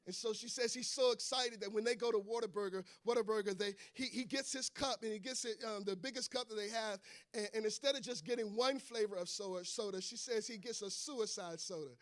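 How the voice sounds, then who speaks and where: A preacher delivering a sermon, telling stories in a conversational way and building to emphatic declarations. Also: male voice, high voice, a bit bright.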